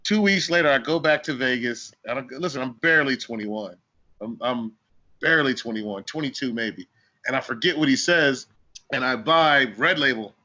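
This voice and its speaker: Animated host, bright slightly high voice, swears and laughs, muffled lo-fi audio. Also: male voice, normal speed. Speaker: podcast co-host. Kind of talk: casual chat and storytelling. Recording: dull lo-fi audio.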